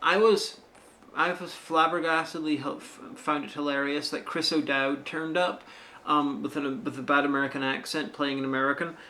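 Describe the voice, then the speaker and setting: A man co-hosting a film review show in casual chat, dry and halting with asides. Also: fairly high pitch, fairly even intonation, bright, forceful tone, slight background noise.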